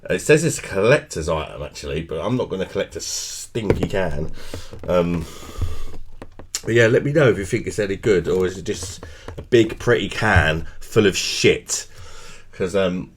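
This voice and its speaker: A man with a British accent and a low voice chats through a beer review at home. He rambles and cracks puns, laughing at his own jokes. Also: lively intonation, normal speed, slight background noise. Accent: British English. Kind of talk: casual vlog chat.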